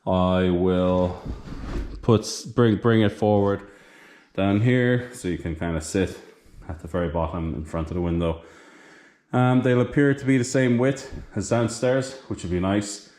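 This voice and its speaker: A man films his farmhouse renovation on a building site, partly outdoors on a roof, giving casual work commentary to the camera. He sounds tired and winded, rambling plainly and correcting himself. His voice is on the low side and a little mellow, at a measured pace.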